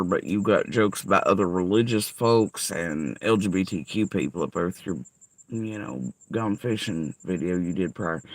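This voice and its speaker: A man's voice: lowish voice, a bit bright, dry recording, low-quality recording. A man delivering an angry, profane, sarcastic rant straight to someone he calls out. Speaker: vlogger. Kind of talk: angry ranting monologue.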